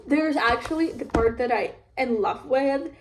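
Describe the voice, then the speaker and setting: A woman with a fairly high voice talks through a book review in an unhurried, loose way. She rambles and leans on filler words as she goes, keeping the tone relaxed and conversational. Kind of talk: casual book review chat.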